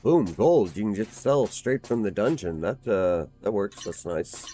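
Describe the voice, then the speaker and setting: A man's voice: fairly low pitch, lively intonation, measured pace, warm tone, soft background music. A man giving casual gameplay commentary as a game reviewer. He is slightly out of breath, swears now and then and reads game text aloud. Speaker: game reviewer playing on stream.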